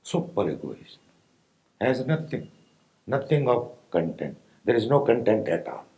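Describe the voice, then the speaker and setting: A man with an Indian accent giving a slow, pausing spiritual discourse to meditators, often asking his listeners if they follow. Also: mid-range voice, sing-song, warm tone, poor audio. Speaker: spiritual teacher.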